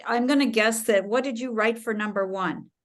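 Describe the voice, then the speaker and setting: A woman's voice: fairly high pitch, normal speed. A woman facilitating a communication workshop, guiding a participant directly and firmly. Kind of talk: coaching in a workshop.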